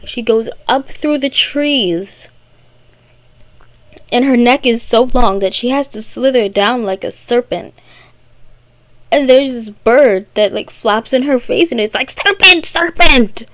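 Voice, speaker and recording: A woman casually retelling a classic story in a chatty, rambling way, popping into quick character voices. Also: a little high, no room sound.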